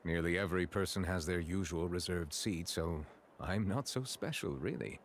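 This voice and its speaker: A man voicing a deep, courteous chief justice. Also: slight background noise, close to an everyday voice. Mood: formal. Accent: French. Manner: stiffly polite and measured.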